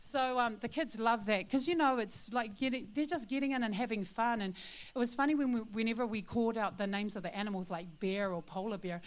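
A woman's voice: fairly high pitch, brisk. A woman sharing a testimony with her church congregation, a chatty storyteller full of fillers who turns earnest and confiding.

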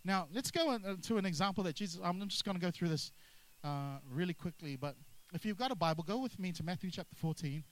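A man preaching a sermon, energetic and drawing responses from the congregation. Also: sits high, fast talker, hardly any pauses, low-quality recording. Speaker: pastor.

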